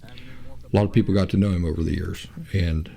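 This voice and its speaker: A man hosting his own show, talking in a reflective, unhurried way with frequent restarts and pauses. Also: sits low, fairly even intonation, vocal fry, mellow. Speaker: podcast host. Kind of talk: reflective casual talk.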